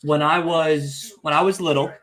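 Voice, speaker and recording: A young man hosting a casual wrestling podcast watch-along, telling stories excitably, swearing freely and teasing the chat. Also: fairly high pitch, normal speed. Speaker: podcast host.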